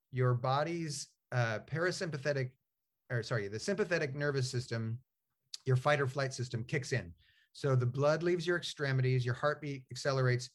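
A mid-range male voice belongs to an author being interviewed casually as a guest. His delivery rambles and unfolds like storytelling, with lots of filler words and sentences he starts over.

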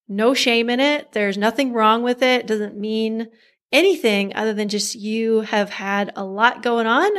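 A woman co-hosting a casual chat, calm and reassuring as she gives advice. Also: a little high.

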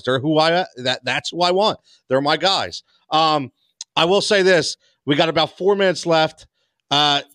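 A man's voice: a little high, fairly bright tone, no echo. A man hosting a casual sports podcast, loose and joking, with frequent stammers. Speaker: podcast host.

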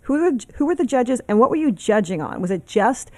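A woman's voice: a little high, very animated, fairly quick, warm tone, no room sound. A woman hosting a radio interview, conversational and inquisitive. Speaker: radio host.

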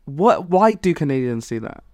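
A podcast co-host from Malawi chatting casually, rambling and quick to laugh. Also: medium pitch, big pitch swings, a little mellow, no echo, studio quality. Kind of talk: casual chat.

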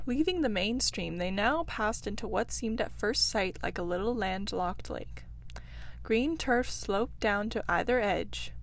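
A woman's voice: mid-range voice, lively intonation, unhurried, vocal fry. Woman reading a storybook aloud. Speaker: audiobook reader. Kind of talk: scripted storybook narration.

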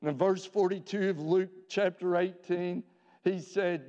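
A male pastor preaching a sermon in a church, earnest, with rhetorical questions and slowing down for emphasis. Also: sits high, fairly even intonation, dark tone. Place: church sanctuary. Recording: dull reverberant church recording.

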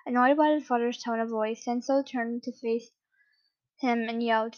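A woman reading a story aloud at a steady pace, sometimes correcting herself. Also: a little high, moderate pace, muffled recording. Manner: steady with occasional self-corrections. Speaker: reader. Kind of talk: reading fan fiction aloud.

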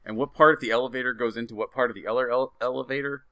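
A man's voice: mid-range voice, steady tone, very fast, pushed and bright, dry recording. A man in casual podcast banter, wryly picking apart a joke. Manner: wry, picks jokes apart. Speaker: podcast co-host. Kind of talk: casual comedic chat.

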